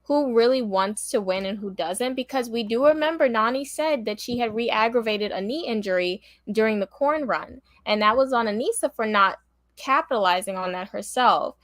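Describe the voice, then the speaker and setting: A woman's voice: fairly high pitch, animated, moderate pace, a bit bright, no echo. Frank woman co-host, dry sound. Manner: frank, opinionated. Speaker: co-host of a reality show review. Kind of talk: live-stream chat.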